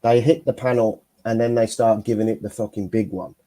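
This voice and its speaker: A man's voice: lowish voice, fairly even intonation, a little fast, mellow. A man hosting a casual chat, bantering bluntly and swearing a lot.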